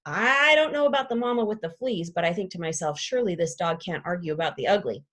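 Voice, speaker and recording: A woman reading aloud as a chatty, dramatic classroom pet parrot who makes up rhymes. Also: fast talker. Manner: lively storytelling with playful rhymes and pitch leaps. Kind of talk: children's book read aloud.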